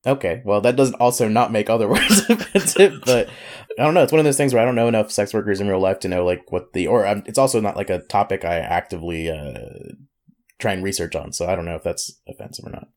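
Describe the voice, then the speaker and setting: A man's voice: lowish voice, fast. A man co-hosting a casual podcast, joking and laughing and reading an advice letter aloud. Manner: joking, laughs often, lively. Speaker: podcast co-host.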